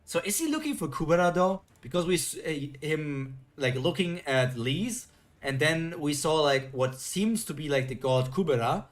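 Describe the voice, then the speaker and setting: A young man hosting a live reaction, reading a comic and musing aloud in a chatty, filler-heavy way. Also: on the high side. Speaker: reaction video host.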